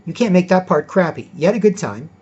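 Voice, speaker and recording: A man's voice: high voice, expressive, fast, a little mellow, husky. A man giving a rambling, emphatic vlog monologue, swearing freely and ending his points with "right?". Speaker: vlogger. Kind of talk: casual lecturing monologue. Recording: dull lo-fi recording.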